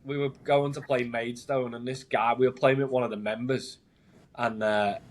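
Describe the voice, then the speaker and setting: Man, caddie guest, casual storytelling, laughing, rambling, medium pitch. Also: flat delivery, normal speed. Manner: laughing, rambling anecdotes full of "like".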